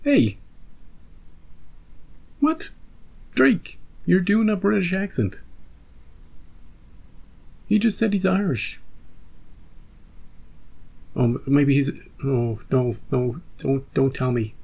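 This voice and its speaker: Husky, chatty reaction host. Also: male voice, fairly high pitch, a little mellow. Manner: chatty, musing, quick asides. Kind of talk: casual reaction commentary.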